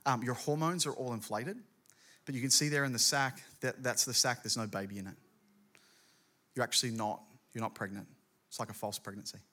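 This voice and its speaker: A preacher voicing a senior doctor who delivers bad news in a low, solemn, apologetic tone. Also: male voice, moderate pace, fairly bright tone, lightly acted. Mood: grave.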